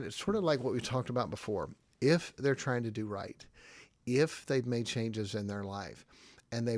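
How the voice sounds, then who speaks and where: A man's voice: mid-range voice, no room sound. A middle-aged man, a pastor, giving casual podcast teaching in a conversational, emphatic way, often checking in with "okay?".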